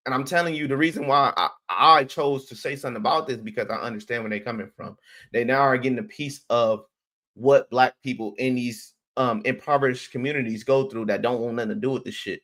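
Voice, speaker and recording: Man, heated stream commentary, blunt, profane, repeats himself, mid-pitched voice. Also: a little fast, a bit bright. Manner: emphatic, repeats words, restarts sentences.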